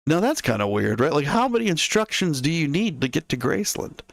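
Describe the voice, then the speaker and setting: A man's voice: a little high, very animated, a little fast, creaky, no echo. A man hosting a casual history livestream. He chats to his viewers and muses aloud in asides. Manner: chatty, musing asides to viewers. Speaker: history show host.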